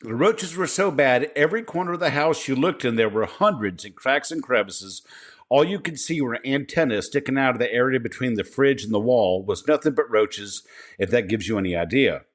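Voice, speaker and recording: A man's voice: mid-range voice, lively intonation, fairly quick. A man co-hosting a podcast, laid-back and profane, reading listener stories aloud between casual banter. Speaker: podcast co-host.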